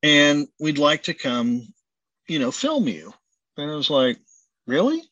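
A man's voice: on the high side, measured pace, no echo, highs cut off. A man, a chef and restaurant owner, telling a long anecdote in a casual interview, acting out bits of the dialogue as he goes. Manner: animated storyteller acting out dialogue.

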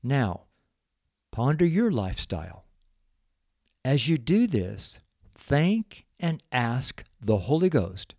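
A middle-aged man hosts a devotional podcast, praying and sharing his testimony slowly and earnestly, choked up with tears and full of emotion. His voice sits at medium pitch with big swings and a slightly mellow quality. The recording is studio quality with no room sound.

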